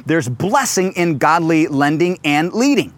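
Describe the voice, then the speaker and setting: A middle-aged pastor preaching a sermon into a stage microphone. His voice sits a little high for a man, and he tells stories in an animated way, acting out quotes. He slows down to stress scripture. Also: no room sound. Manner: animated storytelling with acted quotes.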